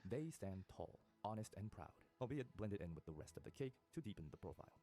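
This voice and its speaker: A man's voice: on the low side, very animated, a little fast, warm tone. A man narrating a scripted video essay in a polished, wordy manner.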